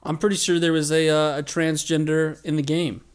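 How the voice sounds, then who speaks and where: A man's voice: fairly high pitch, flat delivery, moderate pace, clear, resonant tone. A man co-hosting a podcast in casual comedic chat, laughing often and teasing his friend. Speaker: podcast co-host.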